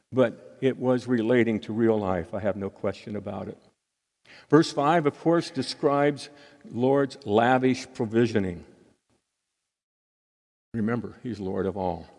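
A man preaching a sermon as pastor, earnest and unhurried, with pauses between phrases. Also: mid-range voice, creaky, a little mellow. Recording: hall reverb.

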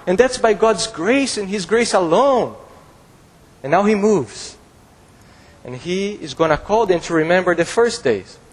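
High husky-voiced preacher in a hall. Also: male voice. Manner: emphatic, repeats phrases for stress. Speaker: pastor. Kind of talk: expository sermon. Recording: long hall reverb.

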